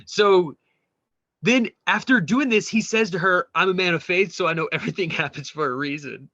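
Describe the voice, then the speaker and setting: A man co-hosting a podcast, casually retelling a show and reading memes aloud, animated and swearing freely. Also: high-pitched, normal speed, dry recording, lo-fi sound. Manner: animated, swearing, mimics quoted people. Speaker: podcast co-host.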